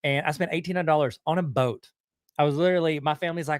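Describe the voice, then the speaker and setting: A middle-aged man with a Southern US accent, hosting a casual live-stream podcast in a slangy, chatty way full of fillers and restarts. His voice sits a bit high for a man. The sound is close and dry, with no room echo. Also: fast, smooth. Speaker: podcast host.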